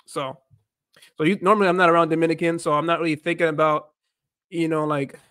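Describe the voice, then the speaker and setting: A man's voice: on the high side, level tone, fast talker, a bit bright, no room sound, clean studio sound. A man hosting a casual livestream, rambling and repeating himself while mixing in Spanish phrases. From United States. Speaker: livestream host, language learner.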